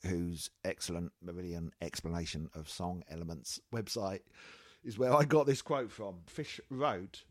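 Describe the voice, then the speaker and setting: A man co-hosting a casual chat about music, talking in a chatty, jokey way and reading quotes aloud. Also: fairly low pitch. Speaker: podcast co-host.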